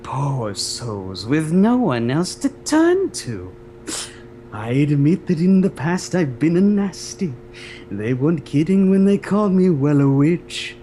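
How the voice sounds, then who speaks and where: A man voicing a scheming female sea witch villain, in a lowered tone with slow, theatrical, drawn-out delivery. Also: sing-song, warm tone, slight background noise. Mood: coaxing. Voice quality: lowered, put-on tone.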